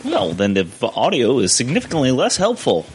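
A man's voice: mid-range voice, wildly swooping pitch, background noise. A young man co-hosting a casual podcast, brash and joking, laughing often. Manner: loud, brash, quick jokes, laughs a lot. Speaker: podcast host.

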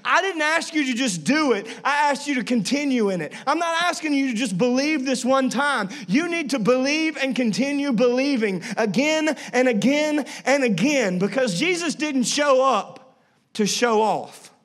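A man's voice: extremely high pitch, moderate pace. A man preaching a sermon as a pastor, telling family stories with playful asides and acting out voices. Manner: animated storytelling with playful asides and acted-out voices.

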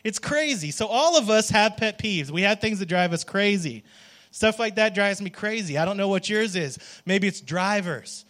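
A male worship pastor with a high, expressive, slightly bright voice preaches at a moderate pace. His sermon is jokey and conversational; he calls on the congregation and keeps checking in with "right?".

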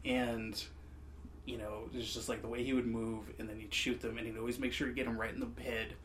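A man co-hosting a podcast in casual chat, telling things in a relaxed, chatty way. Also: mid-range voice, fairly quick, a little hiss or hum. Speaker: podcast co-host.

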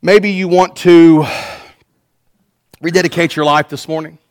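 A pastor with a slightly higher voice delivers a sermon. He is earnest and shifts from quiet stretches to loud ones. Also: fairly even intonation, unhurried, clean tone. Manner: earnest, swings between soft and loud.

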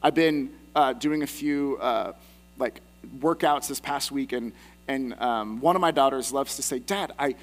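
A man's voice: medium pitch, unhurried, soft background music. A man in his thirties, a pastor preaching a sermon in a conversational, self-deprecating way with personal asides.

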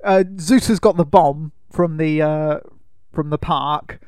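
A man's voice: a little high, takes it slowly, darkish tone, clean tone, dry recording. A man co-hosting a podcast, recapping a film in a rambling, casual way, full of fillers and laughter. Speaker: podcast co-host.

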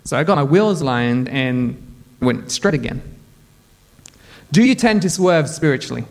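A pastor preaching a sermon to his church, telling funny personal stories in an animated way. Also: medium pitch, normal speed, creaky. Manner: animated, humorous storytelling. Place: church in front of a congregation.

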